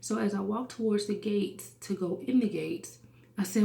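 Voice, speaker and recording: Her medium-pitched voice is gravelly and moves at a moderate pace, set in a reverberant space. The woman, in her thirties, shares a personal testimony earnestly, hushing to a whisper when it turns sad.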